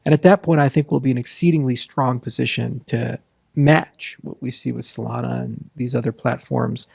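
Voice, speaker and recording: A man answers interview questions in a gravelly, husky voice, running through lists and dropping sarcastic asides. The sound is dry and close, with no room around it, and his pitch sits in the middle. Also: steady tone, a little mellow, dry recording. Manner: rambling, sarcastic asides, lists points quickly. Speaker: interview guest. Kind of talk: casual interview talk.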